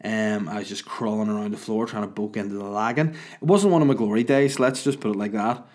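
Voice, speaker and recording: A man's voice: lowish voice, fairly even intonation, quick pace, darkish tone. Crude, rambling Northern Irish man. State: hungover. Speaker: comedian telling stories. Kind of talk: casual comic storytelling.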